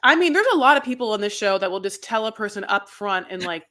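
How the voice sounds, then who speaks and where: A woman's voice: mid-range voice, lively intonation, quick pace, a bit bright. Chatty woman co-host, filler-heavy. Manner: chatty, lots of fillers, enthusiastic. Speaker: podcast co-host. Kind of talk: casual reality TV recap chat.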